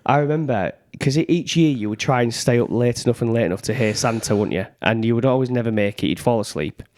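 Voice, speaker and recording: A man from England co-hosting a podcast, chatting casually, telling stories with deadpan jokes and swearing freely. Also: medium pitch, fast, slight background noise. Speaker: podcast co-host. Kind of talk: casual chat.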